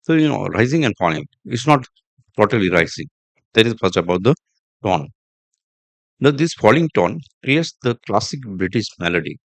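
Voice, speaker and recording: Low-voiced man teaching on a podcast. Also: sing-song, gravelly, no room sound. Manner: deliberate, repetitive, with fillers and restarts. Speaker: podcast host and English teacher. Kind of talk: instructional podcast monologue.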